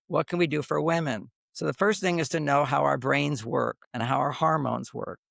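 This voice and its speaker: A man's voice: a little high, creaky, fairly bright tone, no room sound, clean studio sound. An older man speaking as a podcast guest, giving relationship advice in an emphatic, rambling way and repeating his points for emphasis. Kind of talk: conversational advice monologue.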